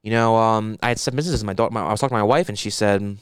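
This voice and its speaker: A man putting on a smug, self-satisfied financial advisor who rambles slowly about himself. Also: on the low side, clear, resonant tone, no room sound, studio quality, pitched below the performer's own voice, lightly acted.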